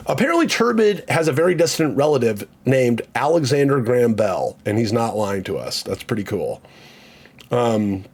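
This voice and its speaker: A man's voice: medium pitch, darkish tone. A man streaming casually, rambling and joking about himself, swearing freely and reading out chat comments.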